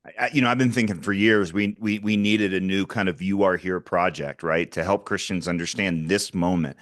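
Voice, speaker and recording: A man with a fairly low voice talks as an interview guest, earnest and quick to restart his sentences. The sound is dry and close, with no room around him. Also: fairly even intonation, dry recording. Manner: earnest, with frequent stammered restarts. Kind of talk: conversational interview.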